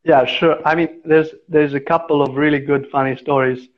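A man grown up in India speaks as a guest in a relaxed interview. He tells anecdotes with energy, acting out the voices in them. His voice sits somewhat high, and the recording sounds dull and lo-fi. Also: normal speed. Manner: animated storyteller who acts out the voices in his anecdotes. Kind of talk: casual interview storytelling.

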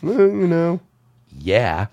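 A man hosting a casual film chat, an animated storyteller who swears and laughs often. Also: fairly high pitch, slow, dull audio. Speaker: podcast host.

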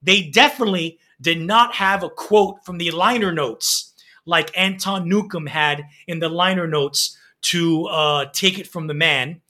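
A man's voice: fairly high pitch, a little slow, pushed and bright. A man co-hosting a music podcast, reading album reviews in a casual, enthusiastic way with frequent laughs.

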